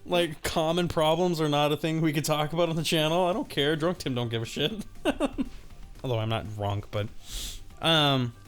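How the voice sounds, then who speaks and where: Soft background music accompanies a young man whose fairly high voice is clear and resonant, at a moderate pace. Playing a game as a gaming channel co-host, he casually recounts a wandering story, breaking into laughter and voicing the other people himself.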